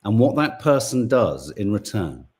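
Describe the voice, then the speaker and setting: A man's voice: fairly low pitch, very animated, measured pace, a little mellow, slightly rough. A man hosting a podcast, giving indignant, sweary political commentary. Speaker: podcast co-host.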